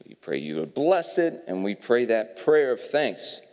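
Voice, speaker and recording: A pastor giving a sermon, reading scripture aloud and explaining it with casual asides. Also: male voice, mid-range voice, big pitch swings, a little slow, a little mellow. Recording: long reverb of a hall.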